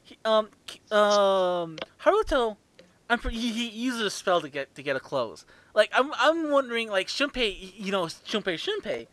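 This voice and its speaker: A man co-hosting a casual review podcast, excitable and jumping high in pitch when quoting. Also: normal speed. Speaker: podcast co-host.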